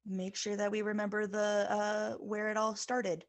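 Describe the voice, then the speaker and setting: A woman's voice: medium pitch, level tone, unhurried. A woman co-hosting a podcast, chatting casually with jokes and swearing. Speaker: podcast co-host. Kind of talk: casual chat.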